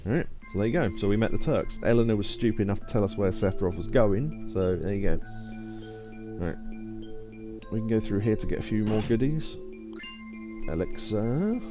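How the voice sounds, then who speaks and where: A man streaming a video game, chatting casually and explaining trivia with plenty of fillers. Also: fairly low pitch.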